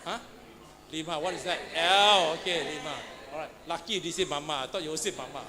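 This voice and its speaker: High-voiced man quizzing a class. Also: quick pace, crowd noise. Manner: quizzing students, call-and-response, frequent "huh?" and "all right". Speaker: Pathfinder class instructor. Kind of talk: interactive classroom teaching. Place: church classroom. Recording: noisy room recording.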